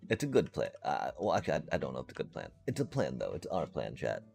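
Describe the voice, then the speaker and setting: A man's voice: a bass voice, huge pitch swings, fast talker, creaky, darkish tone, faint music behind. A man streaming a game live, chatting casually and playfully to his viewers in a rambling way. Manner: rambling and playful, addresses chat.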